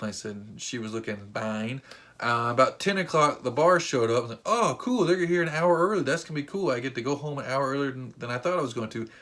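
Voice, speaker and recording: A man vlogging a casual, rambling story, excitable, with lots of fillers and restarts. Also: mid-range voice. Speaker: vlogger and wrestling fan.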